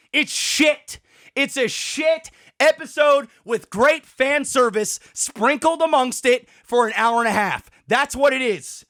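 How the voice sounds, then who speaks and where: A man hosting a podcast, giving a profane, exasperated rant about a TV episode, worked up and sweating, with shouted outbursts. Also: very high voice. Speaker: podcast host. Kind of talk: ranting show reaction.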